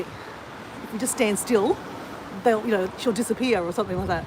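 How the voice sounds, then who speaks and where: Against a noisy background, an Australian woman with a medium-pitched voice chats at a moderate pace to her live viewers while exercising. Her talk rambles, with frequent fillers and restarts.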